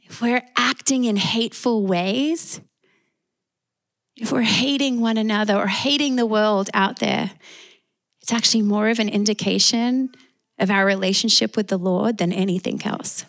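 A woman with an Australian accent preaches a sermon in a warm, emphatic way, calling out for amens in call-and-response fashion. Her voice is medium in pitch and her speed is normal.

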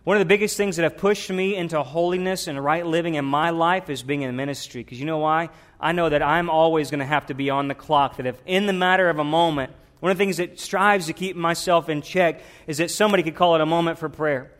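A man's voice: fairly high pitch, fast talker, hardly any pauses, fairly bright tone. Man preaching. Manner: preaching with rising emphasis and repeated prayers. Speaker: pastor. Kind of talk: sermon.

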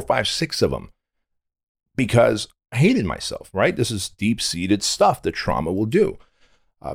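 A man's voice: fairly low pitch, vocal fry, no echo, clean studio sound. A middle-aged man from Armenia, a podcast guest telling his story in a blunt, intense, candid way with casual swearing.

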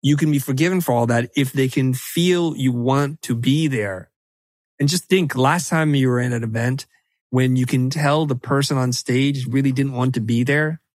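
A middle-aged man talking as a podcast guest in an animated, emphatic way, often breaking into quick quoted asides. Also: medium pitch, dry recording. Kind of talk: animated conversational podcast talk.

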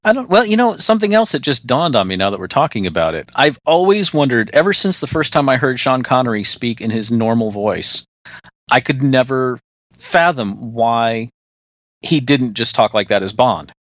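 An American man with a mid-range voice chats through a podcast, talkative and quick to laugh. The sound is dry and close. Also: mid-range voice, lively intonation, a bit bright, no room sound. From United States. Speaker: podcast co-host. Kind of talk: casual chat.

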